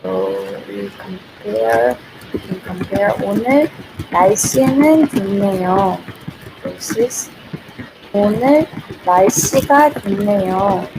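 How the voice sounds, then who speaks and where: A woman's voice: mid-range voice, big pitch swings, brisk. A woman with a Korean accent teaching her native language on a casual livestream. She giggles often and restarts and repeats her phrases. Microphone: built-in device mic, no external microphone. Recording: faint background noise, no proper mic.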